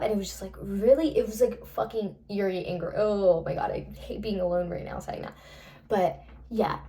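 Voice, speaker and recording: A woman's voice: medium pitch, darkish tone. A young woman casually recapping a novel's plot, rambling with lots of fillers and frequent swearing. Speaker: book reviewer.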